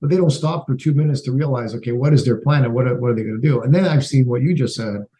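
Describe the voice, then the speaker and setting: A middle-aged man from Canada tells his stories, jumping into the voices of the people in them as he goes. His voice sits in a middle pitch and has a warm, mellow tone. It is a lively, conversational podcast delivery. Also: quick pace, slight background noise, poor audio. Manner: animated storyteller who acts out quoted dialogue. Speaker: entrepreneur guest. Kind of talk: storytelling in a podcast interview.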